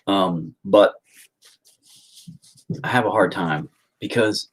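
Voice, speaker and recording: A man's voice: low-pitched, slow, pauses often, slightly rough. A man chatting casually on a phone livestream from home, rambling and swearing freely as he tells stories. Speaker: livestreaming painter.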